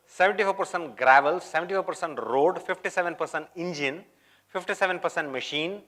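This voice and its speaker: Guy doing a live tech demo at a conference, high-ish voice, chatty, keeps asking the room if they got it. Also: bright, forceful tone. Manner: chatty, keeps checking in with the audience. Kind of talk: live coding demo talk. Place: conference hall.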